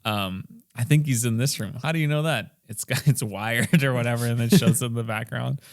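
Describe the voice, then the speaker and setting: Male podcast co-host, gravelly, animated, bursts into movie quotes. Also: medium pitch. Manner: animated, acts out movie lines in quick put-on voices. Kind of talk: casual movie chat.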